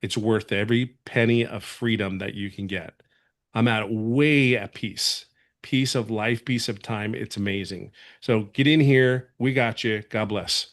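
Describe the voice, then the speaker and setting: A man's voice: fairly low pitch, fairly even intonation, a little slow. A man from California giving an earnest, rambling testimonial as a webinar guest, full of restarts.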